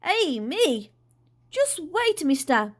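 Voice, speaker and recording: A woman voicing an excitable, dreamy dad who believes he is a birdman, talking in an eager, breathless way. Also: very slow, heavily acted. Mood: excited. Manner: eager, breathless, high and loud.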